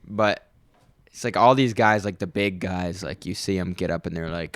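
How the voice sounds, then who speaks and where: A man's voice: sits low, normal speed, a bit bright, dry recording, clean studio sound. A young man co-hosting a podcast in casual chat, joking and trailing off mid-sentence. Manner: jokey, trails off mid-sentence, puts on silly voices. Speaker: podcast co-host.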